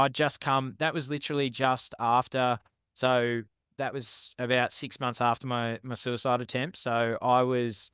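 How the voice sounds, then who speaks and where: A man's voice: medium pitch, a bit bright, clear, resonant tone, no echo, clean studio sound. A man, a podcast guest telling personal stories in a frank, rambling, self-deprecating way. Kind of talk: candid personal storytelling.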